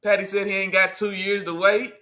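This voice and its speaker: A high-pitched man hosts a casual sports livestream. He talks in loose slang and banters with his chat. His voice is very bright and forceful. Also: flat delivery, a little fast. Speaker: livestream host.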